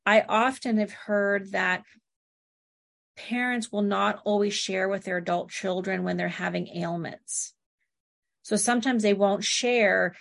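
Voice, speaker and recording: A middle-aged woman, appearing as a therapist guest, chats casually in an interview, her medium-pitched voice slightly slow, fairly even, a bit bright and touched with vocal fry. She tells anecdotes, quoting clients and family in dialogue.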